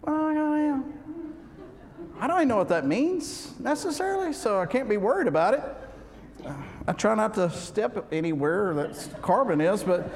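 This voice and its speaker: A man preaching a humorous sermon, folksy and joking, swinging between loud and soft. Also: sits high, very animated, moderate pace. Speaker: pastor. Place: church sanctuary. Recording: reverberant hall with faint background noise.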